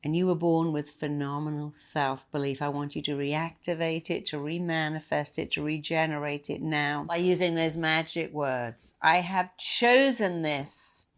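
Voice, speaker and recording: A woman's voice: low voice, fairly even intonation, normal speed, hardly any pauses. A middle-aged woman giving an emphatic motivational talk, repeating key phrases for effect. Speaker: therapist and speaker.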